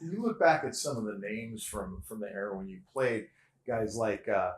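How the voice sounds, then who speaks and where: A man hosting a casual interview, asking relaxed questions and giving short reactions. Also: fairly low pitch, normal speed, a little hiss or hum. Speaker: interview host. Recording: roomy echoey sound.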